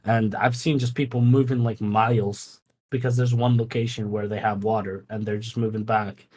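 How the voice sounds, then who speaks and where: A man's voice: on the low side, flat delivery, normal speed, darkish tone. A man whose first language is Arabic, a guest on a live stream, chatting casually, teasing, laughing often and swearing. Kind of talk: casual chat.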